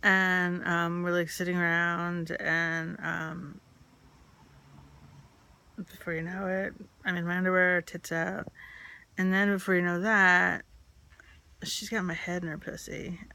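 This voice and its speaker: A woman's voice: lowish voice, level tone, measured pace, vocal fry, long pauses, sharp tone, smooth, dry recording. A woman telling a candid personal story, rambling and filled with "like" and "um".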